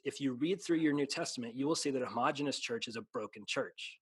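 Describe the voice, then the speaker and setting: A man's voice: mid-range voice, fast talker, few pauses, a bit bright, husky, dry recording. A man who is a pastor in a casual conversation, speaking earnestly, restarting sentences and slipping into a preaching cadence. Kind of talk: casual chat.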